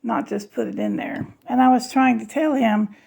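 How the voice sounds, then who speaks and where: A home cooking vlogger, just woken up and half awake, chats folksily to her viewers, calling them y'all and honey. Her voice is fairly high and darkish with vocal fry, her intonation fairly even and her pace moderate.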